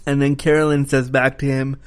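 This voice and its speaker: A man's voice: medium pitch, flat delivery, fairly quick, clean tone. A man giving a casual spoken film review, talking frankly and critically, with the occasional swear word.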